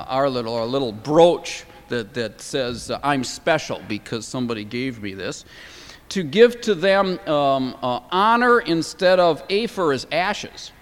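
A man teaching a class, enthusiastic and thinking aloud, often pausing on fillers and restarting words. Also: on the high side, big-room sound. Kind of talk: classroom lecture.

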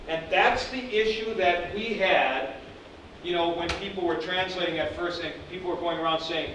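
Guy teaching a class, kinda high voice, mic far off, super echoey room. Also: background noise. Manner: animated, acts out example sentences. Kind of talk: classroom lecture.

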